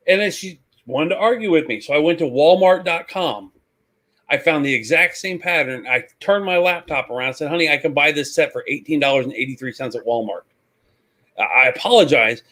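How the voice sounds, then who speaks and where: Animated storytelling man. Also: a little high. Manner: animated, acts out voices in anecdotes. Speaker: guest, reseller. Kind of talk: casual storytelling.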